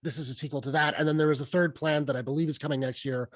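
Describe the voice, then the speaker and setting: A man's voice: fairly high pitch, rapid-fire, no echo, studio quality. A man hosting a podcast, chatting casually and animatedly about movies. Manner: chatty, animated, laughs at his own stories. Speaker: podcast host.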